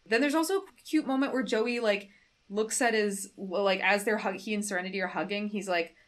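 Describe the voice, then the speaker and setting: A young woman co-hosting a casual podcast, relaxed as she retells scenes and dialogue. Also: mid-range voice, brisk. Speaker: podcast co-host. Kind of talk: casual chat recapping an anime episode.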